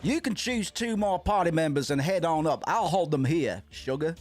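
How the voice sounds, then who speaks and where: A man's voice: on the high side, animated, moderate pace, darkish tone, soft background music, lightly acted. A man doing a flirty drawling cowboy gunman. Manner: loose put-on southern drawl.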